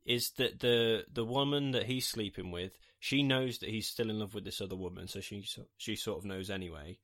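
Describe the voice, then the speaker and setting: Wry, low-voiced man. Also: moderate pace, fairly bright tone. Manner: wry and sarcastic, swears casually. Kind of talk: casual chat recapping a film.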